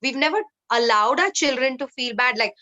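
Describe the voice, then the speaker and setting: A woman's voice: high-pitched, a little fast, muffled recording. A woman in her thirties with an Indian accent, leading a self-love workshop and telling stories, slipping in Hindi phrases. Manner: lively, mixes Hindi phrases, acts out quoted voices. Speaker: workshop facilitator. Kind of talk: workshop talk with anecdotes.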